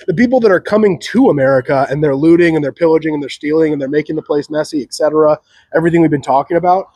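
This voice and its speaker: A man's voice: fairly high pitch, quick pace, mellow, dry recording. A man hosting a solo opinion show, rambling sarcastically with frequent chuckles. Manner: sarcastic, chuckling, mocks others in put-on voices. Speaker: podcast host.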